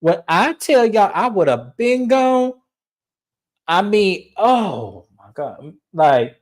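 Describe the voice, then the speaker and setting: A woman's voice: medium pitch, big pitch swings, takes it slowly, darkish tone. A woman co-hosting a casual reality TV recap, blunt and profane as she retells scenes with mimicry. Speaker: podcast co-host. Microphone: streaming setup mic.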